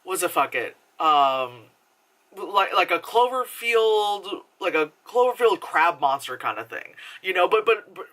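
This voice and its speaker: A woman's voice: fairly low pitch, measured pace. A young woman casually reviewing a film, rambling and swearing freely with lots of filler words, often laughing as she retells scenes. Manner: laughs while talking, animated retelling. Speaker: movie reviewer.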